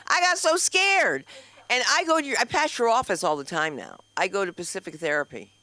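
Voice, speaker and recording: A man emcees an open mic from a club stage, his voice sitting high and sounding bright and ringing. He rattles off jokes and talks straight to the crowd between acts. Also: big pitch swings, fast. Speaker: comedy show host. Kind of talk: stand-up hosting banter.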